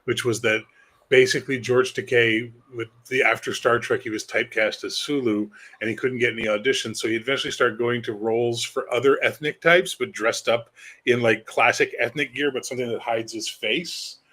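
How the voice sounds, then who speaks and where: A man co-hosting a casual chat, swearing freely and telling stories in an animated way. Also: mid-range voice, fairly quick. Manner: profane, animated storyteller doing voices. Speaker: podcast co-host.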